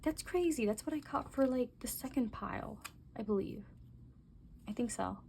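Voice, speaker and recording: A young woman doing a casual tarot reading, talking gently and musing aloud, with soft exclamations as she turns the cards. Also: on the high side, animated, normal speed, vocal fry, a little hiss or hum. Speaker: tarot reader.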